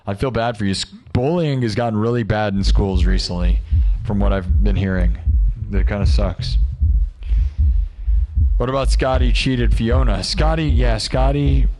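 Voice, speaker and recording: This young livestreamer's voice is lowish and darkish, with fairly even intonation and a normal speed, and a little hiss or hum sits under it. He casually jokes and rambles through viewer comments, peppering them with rhetorical questions.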